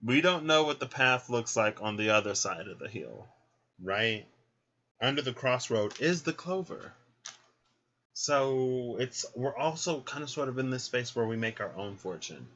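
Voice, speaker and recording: A man's voice: mid-range voice, animated, a little slow, a bit bright. A man giving a casual card reading, chatty and thinking aloud as he goes. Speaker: card reader. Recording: dull lo-fi recording.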